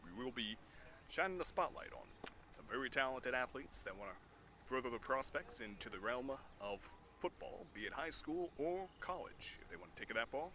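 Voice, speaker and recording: A man calls a baseball game in a low, hushed voice so he won't distract the players. His tone is bright and clear, and he speaks at a middling pitch. It is recorded outdoors on a boom mic, with faint background noise. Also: expressive, normal speed. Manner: quiet, hushed like golf commentary. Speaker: sports commentator. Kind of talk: soft-spoken live play-by-play commentary.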